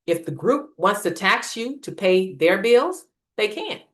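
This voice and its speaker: A woman presenting a scripted political lecture in a measured, emphatic reading style. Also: mid-range voice, sing-song, a bit bright. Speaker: series presenter.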